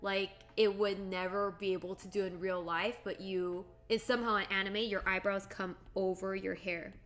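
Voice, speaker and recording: A woman's voice: medium pitch, flat delivery, moderate pace, a bit bright, soft background music. A young woman live-streaming as she draws, chatting casually with viewers, giggling and thinking aloud. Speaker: livestreamer. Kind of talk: casual live-stream chat while drawing.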